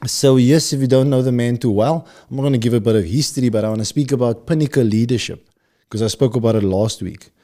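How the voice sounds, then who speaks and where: Upbeat South African podcast host. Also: male voice, medium pitch, quick pace, warm tone. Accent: Cape Town South African. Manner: rambling, upbeat, addresses the audience directly. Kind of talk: casual chat.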